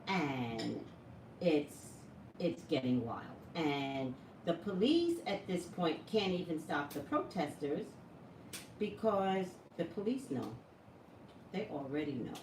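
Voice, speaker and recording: Woman psychic vlogger, lively chatty delivery; roomy, distant, noisy home recording. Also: deep voice, takes it slowly. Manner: chatty, animated, asks viewers questions. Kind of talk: casual talk to viewers. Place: home room with an open door. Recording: echoey room, voice from off-mic, noisy background.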